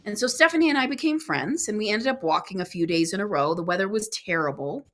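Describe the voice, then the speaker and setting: A woman guest on a podcast, telling a personal travel story in an earnest, animated way, acting out what people said. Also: mid-range voice, fast talker.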